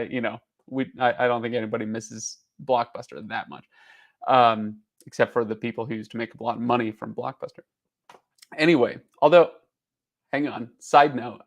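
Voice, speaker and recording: Male host in his thirties, casual rambling delivery, full of fillers. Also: medium pitch. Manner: rambling with many fillers and restarts. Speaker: channel host. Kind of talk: casual chat. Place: on the road.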